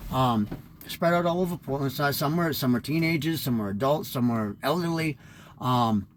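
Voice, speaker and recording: A man's voice: mid-range voice, slight background noise. A man in his fifties rambling through a candid, profane personal monologue as host of his own show. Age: 50s.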